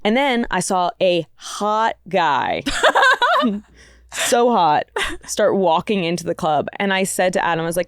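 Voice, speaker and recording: A woman's voice: fairly low pitch, lively intonation, unhurried, clean tone, no room sound, clean studio sound. A woman, a comedian guest, telling a self-mocking story in casual podcast chat, laughing often.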